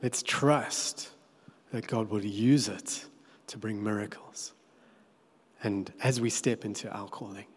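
A man preaching a sermon, telling the story with animated, playful asides. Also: fairly low pitch, slow, pauses often, husky. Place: church hall. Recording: echoey church hall.

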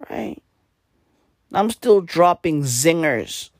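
A man hosting a podcast, with a hoarse, worn-out voice and low energy, talking in a casual, profane comedic rant. He keeps tagging his lines with slang and "right?". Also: big pitch swings, measured pace, a little mellow, no echo, clean studio sound. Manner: profane, repetitive, tags lines with "bruv" and "right?". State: hoarse, voice nearly gone. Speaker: podcast host.

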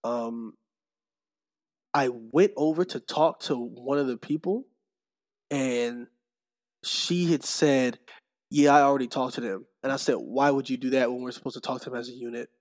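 A young man telling a story in casual chat, acting out the people in it with lively quoted voices. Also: mid-range voice, moderate pace, long pauses. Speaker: podcast guest, streamer.

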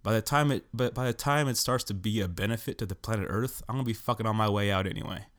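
A man's voice: on the low side, quick pace. A young man hosting a podcast, ranting bluntly in a casual, profane way. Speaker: podcast host. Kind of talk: casual rant.

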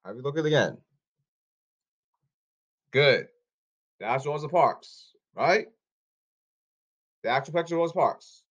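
A man's voice: a little high, lively intonation, a little slow, pauses often, a bit bright, breathy edge, lo-fi sound. A man rambling in an insistent, repetitive way, often restarting his sentences. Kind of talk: rambling address to camera.

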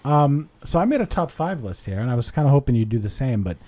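A man's voice: medium pitch, fast talker. A man hosting a podcast, telling stories in casual chat and swearing freely. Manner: animated storytelling, swears a lot. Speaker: podcast host.

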